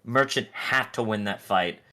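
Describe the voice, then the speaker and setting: An esports co-caster gives casual color commentary on a match, chatty and full of "uh" fillers, acting out lines players might say. His voice is on the low side, a little slow, and pushed and bright.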